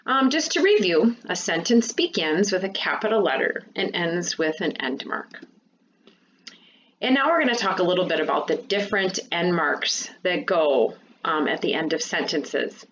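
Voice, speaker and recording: A woman teacher giving a remote lesson to fifth and sixth graders, explaining patiently and clearly. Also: lowish voice, sing-song, normal speed, fairly bright tone, dull audio, a little hiss or hum.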